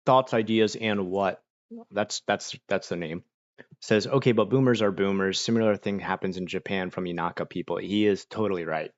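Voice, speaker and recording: A man's voice: deep voice, normal speed, dry recording, muffled recording. A young man from Florida chatting casually on a livestream from home, reading chat and reacting with lots of fillers. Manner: chatty, animated when quoting people, many fillers. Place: home room.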